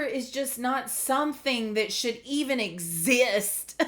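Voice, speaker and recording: Woman, tarot reader, unhurried, earnest, emotional, chatty with fillers. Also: fairly high pitch, expressive, fairly bright tone. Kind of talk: casual spiritual reading to camera.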